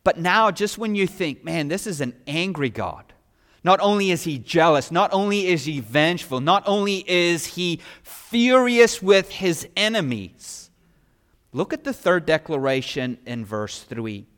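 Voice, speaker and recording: A man preaching a sermon, emphatic and full of rhetorical questions, rising loud and dropping low. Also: expressive, measured pace, smooth, long reverb tail. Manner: emphatic, with rhetorical questions and strong swings in loudness.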